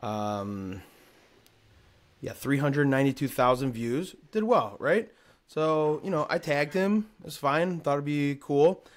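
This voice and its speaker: A man's voice: a little high, lively intonation, slow pace. A man hosting a casual sports podcast, ranting in a heated, profane way. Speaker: podcast host.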